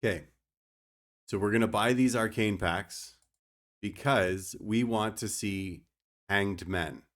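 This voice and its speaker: Low-voiced man slowly explaining a game. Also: fairly bright tone. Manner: joking, talks to chat. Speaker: streamer. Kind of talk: casual gameplay commentary.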